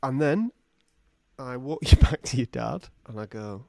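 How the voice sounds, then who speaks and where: A man's voice: mid-range voice, unhurried, creaky, dry recording, clean studio sound. A man co-hosting a podcast, spinning a silly improvised story with lots of acted-out voices. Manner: animated, silly, acts out voices. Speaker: podcast co-host.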